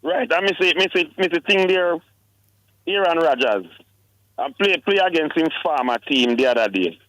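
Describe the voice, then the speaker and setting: A Jamaican man on a sports talk radio show, chatting casually and needling his co-host for an answer. His voice sits a little high, and the sound is close and dry. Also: sing-song, moderate pace, a bit bright, no echo, low-quality recording. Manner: teasing, pushes for answers.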